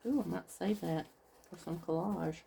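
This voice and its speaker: Mellow, low-voiced woman crafting on camera. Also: moderate pace, creaky, slight background noise. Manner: chatty, talks through each step to viewers. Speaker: craft vlogger. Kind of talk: casual craft tutorial chat.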